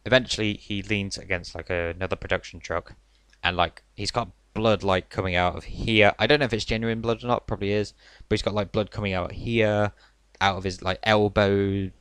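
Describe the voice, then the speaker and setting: Give me a young man chatting loosely through a wrestling recap, with a smooth, dry, close-miked voice. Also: on the low side, steady tone, brisk, a bit bright, no echo. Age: young adult. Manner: chatty, filler-heavy, says "like" and "literally" a lot. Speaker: wrestling reviewer. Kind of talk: casual spoken review.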